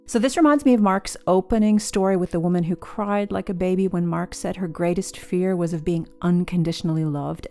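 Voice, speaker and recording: A female podcast host speaks emphatically and with enthusiasm at a mid pitch. Faint music plays quietly underneath her voice. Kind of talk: podcast commentary.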